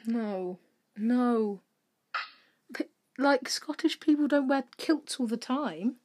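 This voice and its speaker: A woman's voice: a little high, expressive, slow, a little mellow. A young woman, co-hosting a casual podcast chat, rambling and laughing at herself. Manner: giggly, rambling, self-deprecating. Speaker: podcast co-host.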